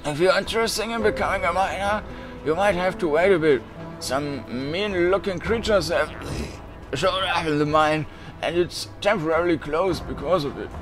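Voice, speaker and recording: Playing a cheerful, bearded, heavyset game shopkeeper, this man speaks high at a normal speed in a natural-sounding voice over music. His raspiness turns thin and breathy on higher notes, and he coughs between lines.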